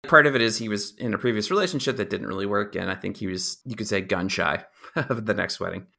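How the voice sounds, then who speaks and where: A young man co-hosts a casual film review podcast, laying out trivia in an easy, informative manner with dry asides. His voice sits fairly low with a noticeable gravelly texture. The tone stays forward and bright despite the low pitch. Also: quick pace. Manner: informative, relaxed, dry humor. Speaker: podcast co-host. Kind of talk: casual movie review chat.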